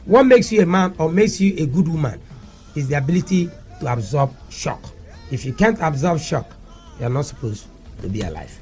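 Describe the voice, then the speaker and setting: A man with a Nigerian Igbo accent, a guest on a radio talk show, speaking passionately and switching languages. He repeats his points and rises to shouts. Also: on the high side, lively intonation, brisk, soft background music. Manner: fiery, repeating lines and rising to shouts. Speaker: media aide to a senator, studio guest. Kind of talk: impassioned radio talk, mixing English, Pidgin and Igbo. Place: radio studio.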